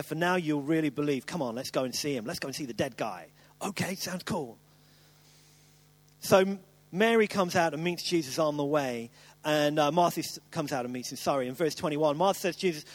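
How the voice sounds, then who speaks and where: A middle-aged man preaches a sermon in a fairly high voice. He retells the story animatedly, playing the voices and throwing in asides. The sound is dry and close. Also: moderate pace, no echo.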